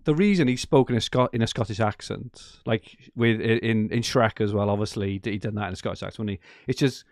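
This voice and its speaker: Low gravelly podcast host. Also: male voice, quick pace, hardly any pauses, a little mellow, no room sound, clean studio sound. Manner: enthusiastic, rambling, laughs often. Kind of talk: casual chat.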